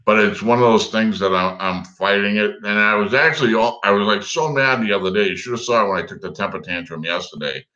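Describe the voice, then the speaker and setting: A man's voice: on the low side, fast talker, hardly any pauses, bright, forceful tone, lo-fi sound. A man guesting on a casual livestream chat, telling rambling stories and chuckling as he goes. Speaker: guest drone hobbyist.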